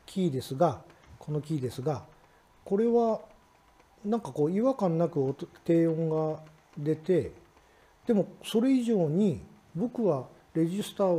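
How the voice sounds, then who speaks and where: A man's voice: on the high side, warm tone. A male clarinetist thoughtfully describing a new instrument's key. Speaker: clarinetist giving feedback.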